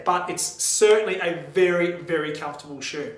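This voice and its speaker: A man's voice: a little high, moderate pace, a little hiss or hum. Australian man reviewing running shoes, echoey. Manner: friendly, candid, with frequent ums and restarts. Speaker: shoe store reviewer. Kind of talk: product review to camera. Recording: echoey room.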